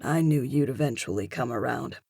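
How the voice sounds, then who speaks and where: A woman's voice: rumbling low, animated, brisk, vocal fry, dark tone, slightly rough, no echo, studio quality, pitched below the performer's own voice, heavily acted. A woman narrator voicing a confident, playful young male cage fighter in an audiobook, with an easygoing, teasing manner. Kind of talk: audiobook character voice.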